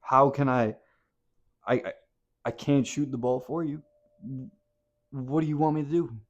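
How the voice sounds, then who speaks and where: Guy doing a slow fired-up motivational talk, blunt, swears, goes quiet then loud. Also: mid-range voice, muffled recording. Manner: impassioned, swinging from hushed to loud. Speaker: motivational speaker.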